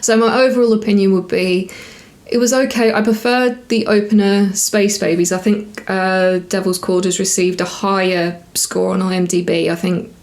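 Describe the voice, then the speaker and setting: A woman in a relaxed vlog review, speaking at a middle pitch. She rambles and corrects herself as she goes, with plenty of small fillers. It comes across as easy, unscripted chat straight to the viewer. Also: moderate pace, hardly any pauses. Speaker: TV episode reviewer. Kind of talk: casual review to camera.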